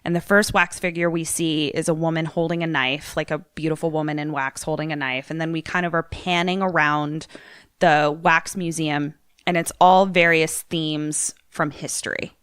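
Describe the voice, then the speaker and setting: Lower-voiced woman podcast co-host, casual and giggly, rambling through a film plot. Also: moderate pace, clear, resonant tone, no echo, studio quality. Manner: giggly, rambling, animated storytelling. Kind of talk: casual comedic movie recap.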